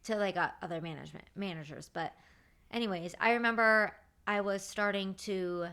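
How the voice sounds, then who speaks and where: A woman's voice: medium pitch, moderate pace, clean tone. A woman in her thirties hosting a podcast, telling work stories in a casual, chatty way with lots of fillers and quoted dialogue. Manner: animated retelling with acted-out quotes. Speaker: podcast host. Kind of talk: casual storytelling monologue.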